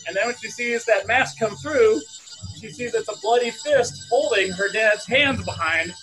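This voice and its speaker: A man on a podcast pitching a film scene, acting it out with shouted lines and sound effects. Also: moderate pace, soft background music. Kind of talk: animated story pitch.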